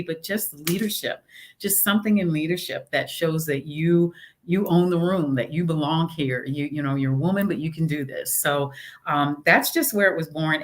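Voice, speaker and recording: A middle-aged woman, a mayor, chatting casually in an interview and telling stories with lively acted-out quotes. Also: low voice. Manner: animated storytelling, acts out quotes.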